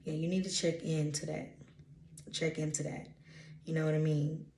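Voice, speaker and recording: Woman, Louisiana accent, low-pitched, emphatic and preachy, echoey room. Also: little pitch movement, moderate pace, dark tone, slight background noise. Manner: emphatic, preachy, blunt with casual swearing. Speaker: intuitive energy reader. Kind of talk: motivational channeled-message vlog.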